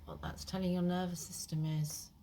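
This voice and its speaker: A woman's voice: lowish voice, level tone, moderate pace, warm tone, slight background noise. A woman, an IBS therapist, talking straight to her listener with frank encouragement and the odd light swear. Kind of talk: casual direct-to-camera advice.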